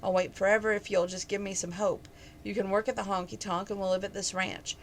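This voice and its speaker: An earnest, lovestruck young rancher from a storybook romance, read aloud by a woman. He speaks tenderly and sincerely, at a middling pitch with no put-on voice. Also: little pitch movement, brisk, slight background noise, close to an everyday voice.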